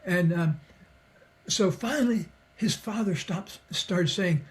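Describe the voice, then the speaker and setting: An older man, a psychologist and author, talking in a relaxed, reflective way as a podcast guest, chuckling often and acting out the people in his stories. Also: high voice, slow pace. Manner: reflective, chuckles often, acts out quoted voices. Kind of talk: relaxed conversational storytelling.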